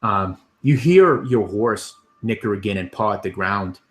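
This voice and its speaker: A man's voice: on the low side, unhurried. A man narrating scenes as game master of a tabletop game, with many ums and restarts.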